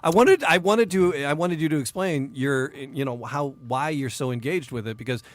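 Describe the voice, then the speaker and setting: A man's voice: fairly high pitch, moderate pace, no room sound. A man co-hosting a podcast, bantering playfully and laughing often. He grew up in the Detroit area. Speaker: podcast co-host. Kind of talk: casual chat.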